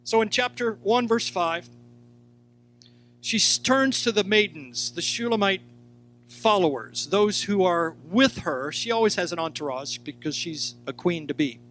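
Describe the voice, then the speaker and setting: Animated high-voiced male Bible teacher. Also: unhurried, slight background noise. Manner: animated, acts out quotes and speaks directly to listeners. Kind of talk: sermon teaching.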